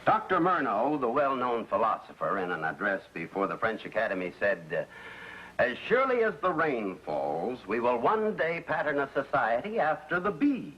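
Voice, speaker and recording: A man's voice: mid-range voice, big pitch swings, normal speed, close to an everyday voice. An actor playing a bumbling middle-aged suburban husband and father in 1950s sitcom acting, flustered and given to pompous speeches. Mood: grumbling. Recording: dull lo-fi 1950s TV soundtrack with faint hiss.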